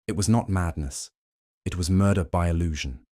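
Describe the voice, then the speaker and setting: Poirot, a man voicing a deep, theatrical detective. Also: mellow, no room sound, clean studio sound, natural voice. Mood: accusing. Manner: measured, dramatic accusations with French phrases. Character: shrewd, theatrical male detective, middle-aged, accusing. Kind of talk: audiobook character reading.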